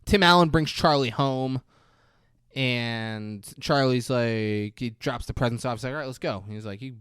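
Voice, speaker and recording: A podcast host in casual chat reviewing a movie, profane and animated, acting out scenes in quick voices. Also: male voice, mid-range voice, clean tone, dry recording, clean studio sound.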